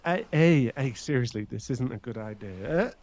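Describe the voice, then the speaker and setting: A man's voice: mid-range voice, animated, normal speed, darkish tone, dull audio, close to an everyday voice. A man voicing a young boyfriend who is hot-tempered but remorseful, in a whispered role-play, swearing and then murmuring apologies. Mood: angry, pained.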